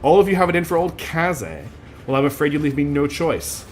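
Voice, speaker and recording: A man's voice: fairly high pitch, brisk, soft background music, close to an everyday voice. A man reading a desperate menacing father. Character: desperate greedy middle-aged father, menacing.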